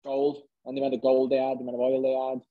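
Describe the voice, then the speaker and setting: A man's voice: medium pitch, monotone, rapid-fire, narrow, tinny audio. A Welsh man chatting casually as a guest, rambling with many hesitations. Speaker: guest, UFC fighter. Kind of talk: casual chat.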